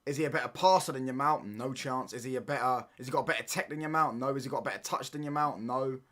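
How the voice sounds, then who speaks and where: A man's voice: medium pitch, fast, a bit bright. A young man chatting casually on a football watchalong stream, reading chat and bantering in slang with stop-start restarts.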